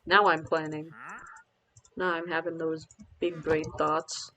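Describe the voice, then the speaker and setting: A man's voice: a little high, flat delivery, slow pace, sharp tone, muffled recording. A man streaming a game live, chatting casually and rambling with self-mocking asides to his viewers.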